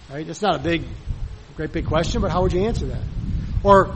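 A man's voice: fairly high pitch, a little fast, long pauses, a little hiss or hum, poor audio. A man preaching a sermon in a conversational way, full of rhetorical questions and acted-out bits of dialogue.

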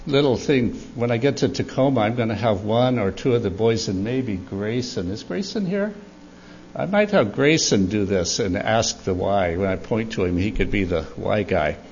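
An older man giving a storytelling sermon for children at church, animated and chuckling as he tells it. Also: fairly low pitch, moderate pace, muffled recording, slight background noise. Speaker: church speaker.

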